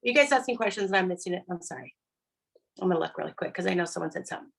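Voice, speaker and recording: A woman's voice: lowish voice, animated, rapid-fire, creaky, poor audio. A middle-aged woman, a sales director, giving her team a chatty, upbeat coaching talk and checking in with "right?" and "okay?" all the time. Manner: acts out quoted customers in put-on voices.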